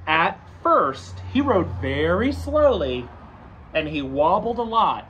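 A man reads a children's picture book aloud at a slow, easy pace. His pitch rises and falls with lots of play, and he stops now and then for friendly asides. A faint hiss sits under his voice. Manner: slow, gentle, with chatty asides; animated, lively voice. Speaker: storybook reader.

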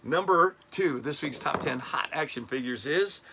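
A man's voice: a little high, animated, moderate pace, noisy background. A middle-aged man hosting a casual toy countdown vlog, enthusiastic and chatty, often stumbling over names. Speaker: toy review channel host.

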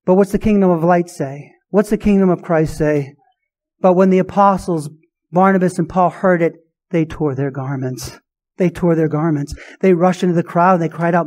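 High-voiced man preaching emphatically. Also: normal speed, a little mellow. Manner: emphatic preaching with rhetorical questions. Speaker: pastor. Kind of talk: sermon.

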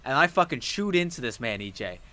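Man co-hosting a relaxed gaming session, talking at a fast clip with a bright, forward voice. He tells his stories animatedly and swears casually, the talk loose and conversational. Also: medium pitch. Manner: animated storyteller, swears freely. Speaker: co-host of a game challenge series. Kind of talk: casual gaming chat while playing.

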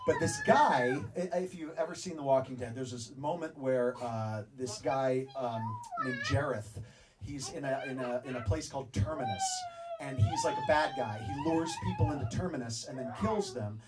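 A man's voice: mid-range voice, huge pitch swings, normal speed, recorded from a distance, very noisy. A man telling a story to a live audience, acting out both sides of a back-and-forth conversation. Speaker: speaker telling a story on stage. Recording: stage talk from afar with audience.

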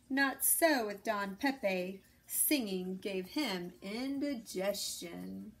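A woman narrating a children's picture book aloud in an expressive, measured way. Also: mid-range voice. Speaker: storybook reader. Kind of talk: storybook read-aloud narration.

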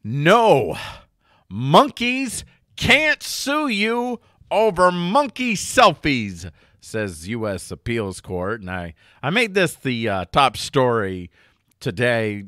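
A man hosting a casual headline commentary show, wry and joking, with pitch jumping up for emphasis. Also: pushed and bright, dry recording, studio quality. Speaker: news commentary host.

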